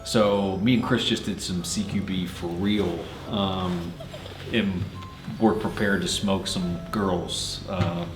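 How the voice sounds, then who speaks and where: A man's voice: deep voice, fairly even intonation, slow pace, reverberant, over music. A man hosting a firearms gear channel, joking and rambling with many fillers in casual review chat, in a cold shoot house.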